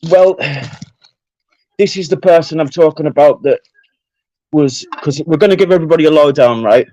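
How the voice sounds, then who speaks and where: A man's voice: a little high, moderate pace, mellow, dry recording, highs cut off. A British man ranting on a livestream, confrontational and swearing heavily. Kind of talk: angry livestream rant.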